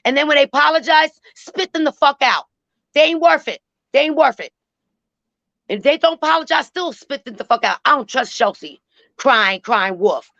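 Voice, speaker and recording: A woman's voice: high-pitched, expressive, moderate pace, gravelly, fairly bright tone, no room sound, dull audio. A woman calling into a live stream, speaking bluntly, cursing and repeating herself. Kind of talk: emotional call-in rant.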